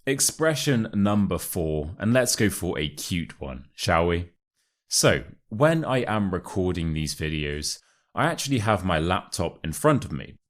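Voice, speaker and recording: A man with a modern Received Pronunciation English accent, giving a scripted English lesson in a clear, deliberate way and leaning on key words. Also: low-pitched, sing-song. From United Kingdom. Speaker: English teacher. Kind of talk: scripted teaching monologue. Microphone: laptop recording setup.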